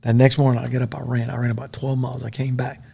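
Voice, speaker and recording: Fast, gravelly middle-aged man telling war stories. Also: medium pitch. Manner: profane, animated storytelling full of dude and man. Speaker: guest, former special forces soldier. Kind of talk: casual podcast storytelling.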